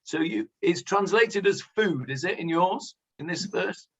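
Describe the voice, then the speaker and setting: A man, a rabbi, leading a conversational Bible class, pausing with many fillers and asking the class questions. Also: high-pitched, gravelly. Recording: dull lo-fi sound.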